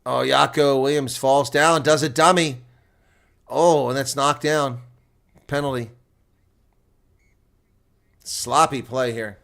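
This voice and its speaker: Bright-voiced male rugby play-by-play commentator. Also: medium pitch, a little slow, gravelly. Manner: excitable, rising to near shouting on attacking plays. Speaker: live reaction commentator.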